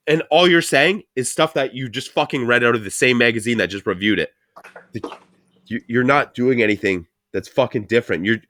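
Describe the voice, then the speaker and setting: A man's voice: mid-range voice, a bit bright, no echo, clean studio sound. A man hosting a podcast, ranting bluntly in casual chat with lots of swearing. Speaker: podcast host.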